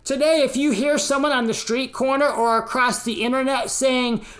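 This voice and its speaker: An American woman preaching a sermon, teaching slowly and deliberately and giving emphasis to the quotes she reads out. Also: sits high, steady tone. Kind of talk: sermon on scripture and history.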